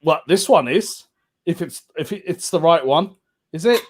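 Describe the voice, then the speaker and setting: A man's voice: fairly high pitch, lively intonation, normal speed. A man hosting an online comedy show, chatty and jokey, laughing often. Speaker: host.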